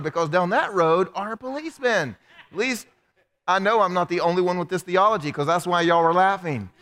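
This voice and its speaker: A high-pitched man preaches, lively and joking as he acts out people's prayers. His voice rings through a church sanctuary with a long reverb tail. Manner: animated, humorous, acts out quoted prayers. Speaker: pastor. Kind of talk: sermon.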